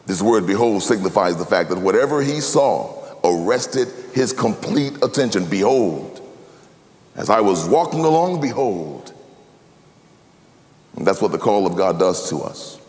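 A man preaching a sermon, his cadence sweeping from loud, high emphasis down to low, hushed tones. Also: lively intonation, measured pace. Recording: long hall reverb.

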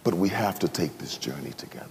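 A hushed, sorrowful Jesus speaks slowly and tenderly to a suffering believer, voiced by a male preacher. The voice sinks to a whisper in places and swings through a wide pitch range. A long reverb from a large hall trails behind it. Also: expressive, vocal fry, a little hiss or hum. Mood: consoling. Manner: soft, slow, consoling. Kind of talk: sermon role-play.

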